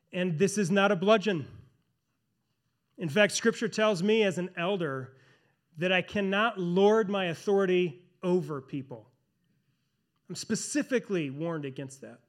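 A man, a pastor and church elder, preaching a sermon in an earnest, emphatic way, slowing down to stress key phrases. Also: sits high, fairly bright tone.

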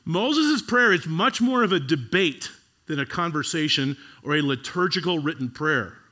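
Guy preaching, animated, goes loud then real quiet, bright edgy voice. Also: fairly high pitch, moderate pace. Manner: animated, conversational preaching with sudden loud peaks and hushed drops. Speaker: pastor. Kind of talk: sermon.

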